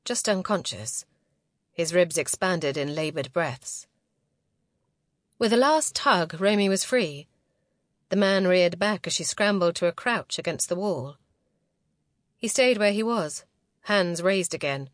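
A woman reading a novel aloud as narrator, in a measured, close and intimate way. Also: mid-range voice, expressive, dry recording. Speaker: audiobook narrator. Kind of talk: scripted narration.

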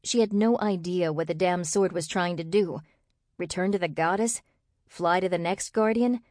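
Woman reading a novel out loud, lowish voice, dry close mic. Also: no room sound. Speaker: audiobook narrator. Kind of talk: scripted narration.

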